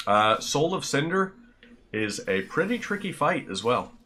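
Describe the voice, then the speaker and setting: A man's voice: medium pitch, big pitch swings, unhurried, pushed and bright. A man with a Northern Irish accent chatting casually to his viewers while streaming a game, rambling and friendly. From Northern Ireland.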